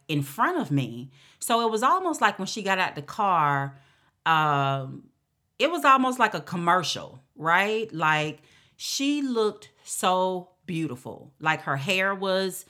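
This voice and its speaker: A woman's voice: sits low, a bit bright. A woman giving a motivational talk to other women, conversational, with frequent fillers and "right?" check-ins. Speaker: speaker addressing women. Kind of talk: motivational talk with a personal story.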